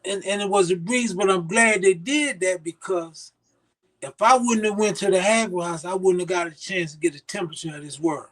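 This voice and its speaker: Older man, high voice, lively storyteller. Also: normal speed. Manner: animated, acts out quoted voices. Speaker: interview guest. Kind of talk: storytelling in casual conversation.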